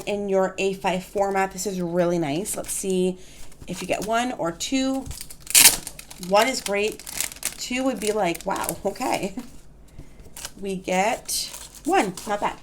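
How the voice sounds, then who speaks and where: An excitable woman chatting through a planner unboxing at a home desk, taking her time over each word. She gasps and gushes in soft exclamations, and a faint hiss sits under her voice. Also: medium pitch, takes it slowly. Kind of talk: casual unboxing chat.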